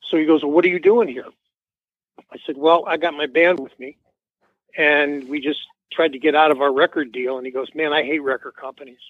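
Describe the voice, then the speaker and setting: On a tinny, dry phone line with no room sound, a man with a high-leaning voice and fairly even intonation speaks a little fast. He's a musician being interviewed, telling a casual, wandering anecdote and acting out the quoted exchanges.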